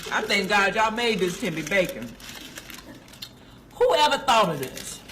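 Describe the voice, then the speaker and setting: A woman's voice: mid-range voice, sing-song, a little slow, a bit bright, a little hiss or hum. Exuberant woman gushing over food in a car. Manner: exuberant, preacher-like praise, talking with her mouth full. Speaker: food vlogger. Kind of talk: casual selfie video review. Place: inside a car.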